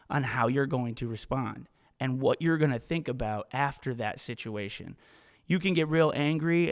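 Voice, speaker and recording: A man talks straight into the mic in a forceful, swearing, motivational style, circling back over his points. His voice sits at an ordinary middle pitch. A long reverb tail trails after his words. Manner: emphatic, profane, repeats himself. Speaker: podcast host. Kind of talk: motivational podcast monologue.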